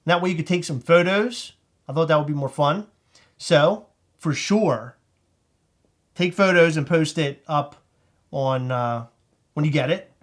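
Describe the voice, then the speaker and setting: Excitable high-voiced man with a Maryland accent. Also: a little slow, long pauses. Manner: excitable, rambling, laughs often. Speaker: host. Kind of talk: casual livestream chat.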